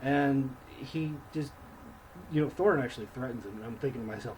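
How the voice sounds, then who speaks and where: A man co-hosting a casual film review chat, rambling and swearing, acting out scenes in quick mock voices. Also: medium pitch, a little mellow, a little hiss or hum, poor audio.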